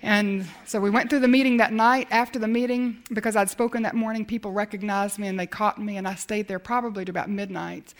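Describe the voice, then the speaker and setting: A middle-aged woman preaching, telling a personal faith story with lively acted-out dialogue. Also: medium pitch, fairly quick, few pauses. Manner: animated storytelling, acts out dialogue. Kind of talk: sermon storytelling.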